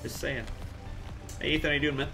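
A man's voice: a little high, steady tone, a little fast, bright, forceful tone, faint music behind. A man from Central Alberta chatting casually on a live game stream, answering chat with jokey asides. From Central Alberta, Canada. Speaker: game livestreamer.

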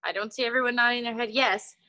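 A woman runs a children's martial arts class over a video call, her voice high and bright. She teases the kids playfully and keeps things upbeat. The sound is that of a laptop call. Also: steady tone, quick pace.

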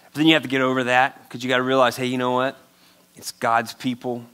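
A man preaching a sermon to a congregation, energetic and full of stories, calling for the crowd to answer back. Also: medium pitch, fast, clean tone. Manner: energetic, storytelling, asks the crowd for call-and-response. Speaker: pastor. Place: church hall before a congregation.

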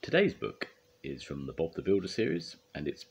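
An older man reading a children's storybook aloud in a gentle, expressive way. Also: rumbling low, moderate pace, vocal fry, slight background noise.

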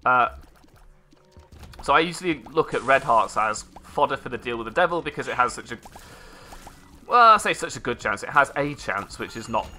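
A man's voice: mid-range voice, expressive, normal speed, pauses often, bright, forceful tone, soft background music. A man giving rambling let's play commentary, correcting himself as he goes with dry little asides. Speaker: gameplay commentator.

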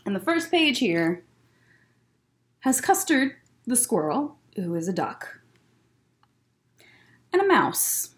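A woman's voice: on the high side, takes it slowly, long pauses. A young woman, a children's librarian, chatting to young children and reading a picture book aloud at a library story time. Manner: animated, bouncy delivery. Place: in a public library.

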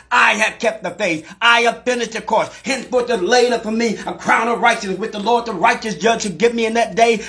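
Fiery preacher man, bright high voice. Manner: preaching with shouted bursts and call-outs. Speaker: pastor. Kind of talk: fiery live sermon. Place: church sanctuary.

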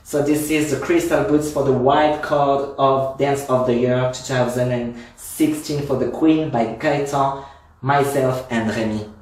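A man's voice: medium pitch, steady tone, unhurried, darkish tone. A man from France with a French accent, teaching a line dance class from home in a chatty, effusive way and counting the steps aloud. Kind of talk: live-streamed dance class. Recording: roomy echo, mic at a distance.

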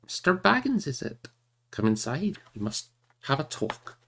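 A man's voice: medium pitch, very animated, unhurried, gravelly, fairly bright tone, soft background music, exaggerated voice. A man voicing a stout, blustering hobbit farmer in a hearty, rustic manner for a storybook reading. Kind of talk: storybook character voice.

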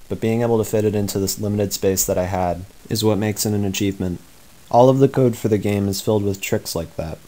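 A teenage high school student narrating his own project presentation in a flat, measured monotone. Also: rough recording. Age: teens. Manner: measured, explanatory.

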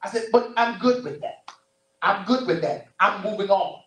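High-voiced man preaching in an echoey church. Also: moderate pace. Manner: animated, repetitive preaching with storytelling. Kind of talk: sermon. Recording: roomy distant church recording.

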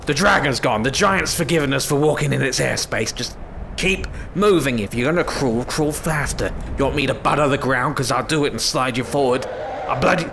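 Doing comedic let's-play commentary, a gaming YouTuber with a gravelly, medium-pitched voice talks briskly. He nags and fusses at his in-game companion in exasperation, and there's background noise.

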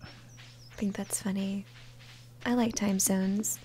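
A woman hosting a soft-spoken ASMR gaming chat, gentle and apologetic, often slipping into whispers. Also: medium pitch, fairly even intonation, takes it slowly, slight background noise. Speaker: ASMR host.

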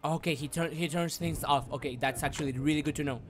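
A man's voice: a little high, steady tone, fast talker, a little hiss or hum. A man streaming a horror game, talking to himself nonstop, repeating words and swearing as he plays. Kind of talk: live gameplay commentary.

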